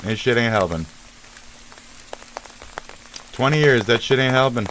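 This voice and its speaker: A man's voice: mid-range voice, a little slow, a bit bright. A man delivering an angry, swearing rant as a vlogger, sneering and scornful, outdoors near traffic. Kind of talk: profane ranting monologue.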